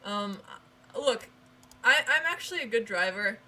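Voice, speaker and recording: A young woman co-hosting a stream, telling a rambling, animated story in casual chat, full of restarts. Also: medium pitch, a little slow, background noise. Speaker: stream co-host.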